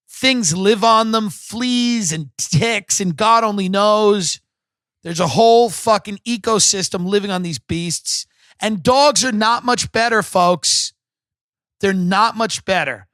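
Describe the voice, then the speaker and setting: High-pitched man ranting comedic podcast monologue. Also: slow pace, a bit bright, dry recording. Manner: profane, sarcastic, rambling rant. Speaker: podcast host. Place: home podcast set.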